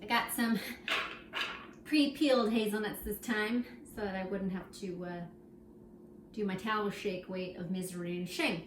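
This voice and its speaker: A woman's voice: mid-range voice, unhurried, distant mic, noisy background. Playful woman baking in an echoey kitchen. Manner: goofy, jokes and chats to herself while working. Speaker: baking show host. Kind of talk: playful cooking demonstration.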